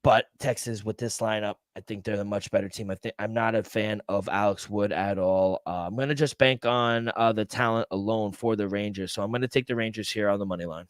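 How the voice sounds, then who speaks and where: A man's voice: fairly low pitch, fairly even intonation, fairly quick, few pauses, no echo. A man co-hosting a sports betting podcast, talking casually with frequent swearing and exasperated rants about his team.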